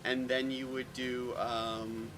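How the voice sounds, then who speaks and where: A man's voice: medium pitch, flat delivery, slow pace. A man running a tabletop game as game master, rambling with fillers and restarts.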